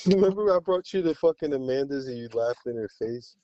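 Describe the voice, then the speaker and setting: A man's voice: medium pitch, lively intonation, fairly quick, mellow, lo-fi sound, a little hiss or hum. A man co-hosting a podcast, bragging crudely in casual banter and laughing often. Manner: crude, boastful, laughs a lot. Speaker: podcast co-host.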